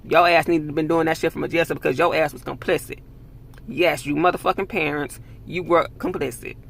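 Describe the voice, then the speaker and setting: Brief: heated man vlogger, raspy and gravelly, slightly high voice, cursing rant. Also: fairly even intonation, brisk, a bit bright. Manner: angry, profane, emphatic ranting. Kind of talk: heated commentary monologue.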